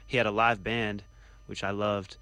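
A man's voice: lowish voice, flat delivery, normal speed, sharp tone, no room sound. A man from Washington Heights, New York, talking casually in a rambling way as a co-host. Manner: rambling, full of fillers. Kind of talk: casual podcast chat.

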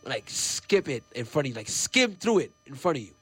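A man, a musician guest, telling stories in a lively, casual way and acting out what others said. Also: mid-range voice, brisk, husky, no room sound. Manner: animated, acts out other people's lines. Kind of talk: casual storytelling.

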